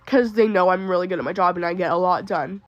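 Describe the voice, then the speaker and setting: A young woman rants through a venting storytime, exasperated and upset while feeling sick. Her voice is close and dry with no room around it. She talks in quick, indignant bursts. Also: on the low side, no echo, muffled recording. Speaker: retail worker.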